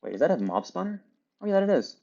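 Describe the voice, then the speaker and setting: A man's voice: high voice, big pitch swings, racing, creaky, dark tone, lo-fi sound. A man giving casual, chatty play-by-play commentary while he plays a video game, rambling with lots of fillers. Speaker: gaming video creator.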